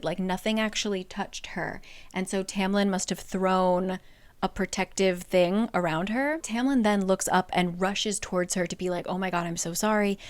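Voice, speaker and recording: A woman's voice: mid-range voice, dry recording. A young woman casually retelling a book plot, chatty and full of fillers. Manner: chatty, lots of fillers like "like" and "basically". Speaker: book summarizer.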